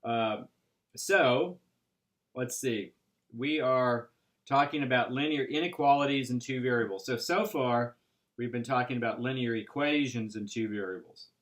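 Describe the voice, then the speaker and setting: A man teaching an algebra class, explaining step by step in a patient way with frequent pauses and "right?" checks. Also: medium pitch, fairly bright tone. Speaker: math instructor. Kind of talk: recorded classroom lecture.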